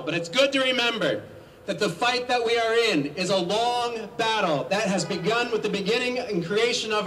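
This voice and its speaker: A man giving a rousing rally speech as a politician, leading the crowd in shouted chants. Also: high voice. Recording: distant mic, crowd and ambient noise.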